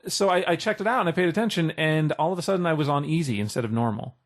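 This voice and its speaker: Fast-talking man in playful banter. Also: on the high side. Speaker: podcast co-host. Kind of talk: casual gaming chat.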